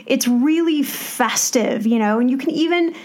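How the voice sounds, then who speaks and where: A woman from the United States talks easily as a podcast co-host, her voice sitting somewhat high. She chats along freely, scattering "you know" and "like" through her talk. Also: moderate pace, a little mellow. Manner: chatty, frequent "you know" and "like". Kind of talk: casual travel podcast chat.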